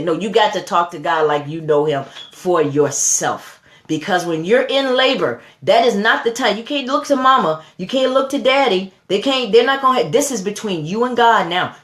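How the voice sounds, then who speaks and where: A woman's voice: mid-range voice, animated, fairly quick, few pauses, a bit bright, reverberant. A woman giving a motivational sermon, repeating phrases and building to fervent emphasis. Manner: preachy, repetitive call-and-response, rising to fervent emphasis. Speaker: motivational speaker.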